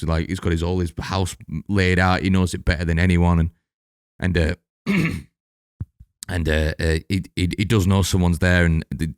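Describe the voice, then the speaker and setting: A very low, smooth-voiced man talks casually about a film. He tells it in lively detail and swears freely. The sound is dry and close. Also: no echo. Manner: animated storytelling, swears often. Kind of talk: casual chat.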